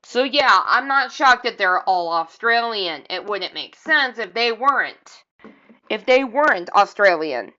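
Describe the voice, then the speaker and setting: A woman's voice: mid-range voice, expressive, a little slow, pushed and bright, dull audio. A woman vlogger giving casual, rambling reaction commentary and often repeating herself.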